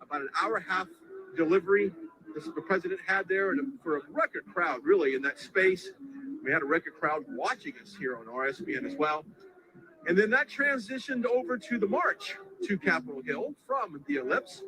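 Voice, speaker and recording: Halting man reporting live outdoors. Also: high-pitched, very animated. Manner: breathless, halting, reacting on the spot. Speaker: field reporter. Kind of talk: live on-scene news commentary. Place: outdoors in a large crowd. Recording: noisy outdoor crowd recording.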